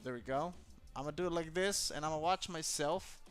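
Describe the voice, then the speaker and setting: Profane, excitable man with a high voice. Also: normal speed, clear, resonant tone, faint music behind. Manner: profane, excitable, thinks aloud; slangy, casual speech. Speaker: vlogger. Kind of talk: casual vlog, demonstrating a camera gimbal. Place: indoors at home.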